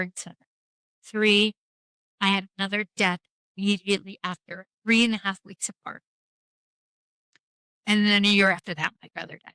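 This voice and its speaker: A woman's voice: medium pitch, fairly bright tone, dry recording. Middle-aged woman, frank and wry, rambly storytelling, dry close mic. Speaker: podcast guest. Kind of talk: candid conversation about grief.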